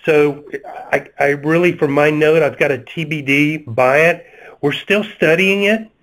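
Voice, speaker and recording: A man with a Southern US accent, speaking as a panelist in a webinar discussion, halting and full of fillers and restarts. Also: on the high side, a bit bright, low-quality recording.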